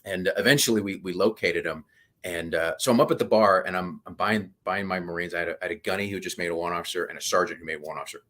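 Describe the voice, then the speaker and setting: A man in his fifties, a podcast guest telling animated stories in casual conversation. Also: low voice, very fast.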